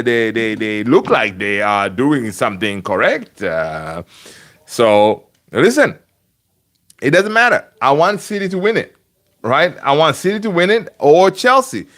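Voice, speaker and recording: A man hosts a casual fan livestream from his home, chatting loosely and rambling between thoughts. His voice sits a little high for a man. He keeps answering the chat and greeting viewers by name. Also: a bit bright. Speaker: fan channel host. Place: home room.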